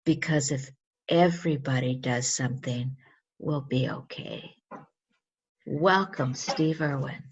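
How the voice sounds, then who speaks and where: A woman interviewer with a low, husky, gravelly voice speaks slowly and with measured calm. The recording sounds dull and lo-fi, with faint music in the background. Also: a little hiss or hum. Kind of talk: slow, measured spoken introduction.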